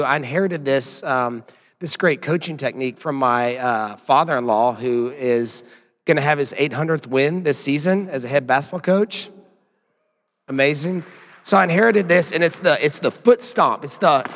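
A hoarse man in his thirties, a pastor giving church announcements and opening a sermon in a casual, rambling way with self-deprecating asides. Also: a little high, fairly bright tone. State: hoarse from yelling while coaching. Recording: long hall reverb.

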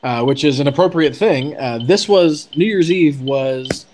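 A man's voice: fairly high pitch, a little slow, darkish tone, a little hiss or hum. A man telling a story in a casual chat, chatty with many fillers and restarts. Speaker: podcast guest telling a story.

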